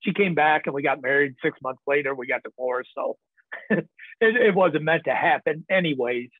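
The speaker, a podcast guest from the northern US, has a fairly high voice and talks at normal speed. His storytelling is casual and rambling, with plenty of chuckles and swearing, recorded on a dry, tinny phone-like line.

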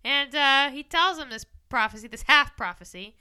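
Young female podcast co-host, high pitched, bright, playful storyteller. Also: moderate pace. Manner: playful, animated storytelling with goofy character voices. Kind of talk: casual podcast chat.

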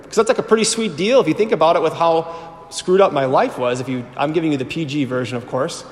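A priest in his thirties telling his personal testimony to a live audience. He tells it with animated storytelling and acts out the voices he quotes. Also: on the high side, fast talker, slight background noise. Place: large hall before an audience. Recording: echoey hall with long reverb.

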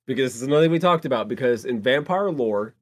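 A man's voice: medium pitch, expressive, fast. A man co-hosting a casual podcast, joking around and explaining movie lore. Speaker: podcast co-host. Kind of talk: casual movie recap chat.

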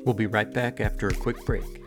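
A man's voice: on the low side, steady tone, fairly quick, over music. A man co-hosting a podcast interview, supportive and sympathetic, often repeating words as he starts his sentences. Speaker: podcast co-host. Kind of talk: conversational interview.

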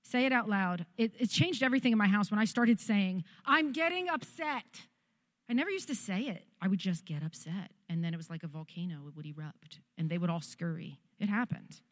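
A woman's voice: lowish voice, brisk, few pauses. Earnest woman pastor preaching. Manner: earnest, direct, practical preaching with acted-out quotes. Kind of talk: sermon.

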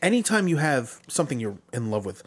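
A man co-hosting a casual podcast chat, chiming in with quick jokey reactions and casual swearing. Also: mid-range voice, very animated, husky. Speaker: podcast co-host.

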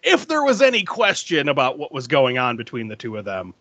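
A man's voice: mid-range voice, wildly swooping pitch, fairly quick, fairly bright tone, no room sound. A man hosting a podcast, casually retelling a movie scene by scene, laughing often and acting out the lines he quotes. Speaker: podcast host recapping a movie. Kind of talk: casual chat.

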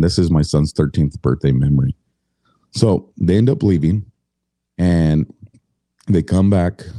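A man's voice: extremely low pitch, warm tone, no echo, studio quality. A middle-aged man telling his story as a podcast guest, blunt and indignant, swearing freely.

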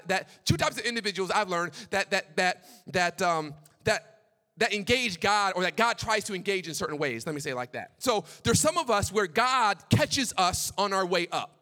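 A young male pastor delivers a lively sermon in a high, ringing voice. His tone is bright and forward. He speeds through his stories, then slows and quiets down for the weightiest lines. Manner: animated preaching, drops to hushed tones for God's words.

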